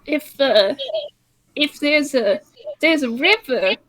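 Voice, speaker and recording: A woman voicing a shaken young male toon in a tabletop game. He speaks haltingly, wavers between accents and is unsure of himself. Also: very high voice, sing-song, voice pushed up, heavily acted, poor audio. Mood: hesitant.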